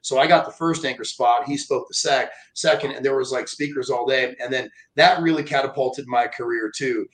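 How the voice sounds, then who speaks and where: A man's voice: mid-range voice, moderate pace, few pauses, poor audio. A man, a motivational speaker telling a story in casual chat and acting out the voices of the people in it. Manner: animated, acts out quoted voices.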